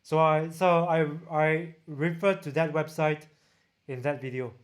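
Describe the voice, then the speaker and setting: A man with a Singaporean accent chats casually with viewers on a livestream, picked up by a camera-mounted shotgun mic. His voice sits slightly high. He often stops, restarts and corrects himself mid-sentence while reading comments aloud. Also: steady tone. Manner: reads chat aloud, halting with restarts. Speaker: tech reviewer hosting a livestream.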